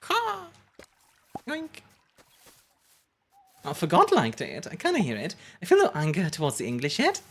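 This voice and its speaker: A young woman with a deep, breathy voice streams a game, her pitch swooping wildly as she talks quickly with hardly a pause. She chats playfully with her viewers, laughs a lot, and keeps wandering off on tangents in this casual live commentary.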